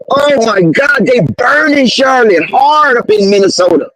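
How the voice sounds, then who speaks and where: A man doing fan play-by-play of a basketball game, excitable, slangy and loudly outraged at the referees. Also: very high voice, unhurried, few pauses, dry recording, rough recording. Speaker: live game commentator.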